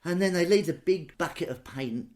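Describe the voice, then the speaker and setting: Brief: man, comic guest on a podcast, animated storyteller who jumps up in pitch for the punchlines. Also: moderate pace. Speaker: comedian guest. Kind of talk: casual anecdote telling. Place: home.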